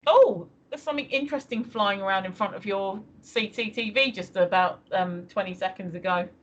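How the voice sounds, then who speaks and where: A woman's voice: medium pitch, moderate pace. Woman guest, casual chat, dull lo-fi call audio. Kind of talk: casual live-stream chat.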